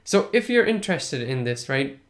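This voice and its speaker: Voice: medium pitch, sing-song, moderate pace. A podcast host patiently answers listener questions about pronunciation and often checks in with "right?".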